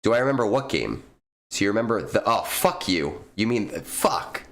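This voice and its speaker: Man, deep low voice, casual livestream talk, blunt, swears a lot, lots of ums. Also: sing-song, moderate pace, a bit bright. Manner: blunt and profane, with frequent fillers. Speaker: streamer giving game account advice.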